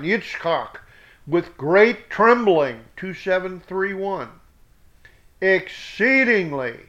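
A man's voice: high-pitched, a bit bright. A man teaching scripture, reading it word by word with reference numbers and adding blunt spoken asides. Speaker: Bible teacher. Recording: dull lo-fi recording.

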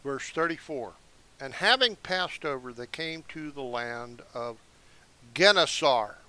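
A man's voice: medium pitch, lively intonation, sharp tone, smooth. A man reading scripture verse by verse, breaking in with casual explanatory asides. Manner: slow, deliberate reading broken by casual asides. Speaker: Bible teacher. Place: seated indoors.

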